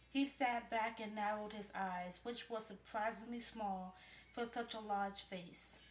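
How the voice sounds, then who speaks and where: A woman's voice: mid-range voice, steady tone, a little slow. Woman narrating a mystery in a roomy room. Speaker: audiobook narrator. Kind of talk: first-person mystery novel narration. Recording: roomy, faintly noisy room.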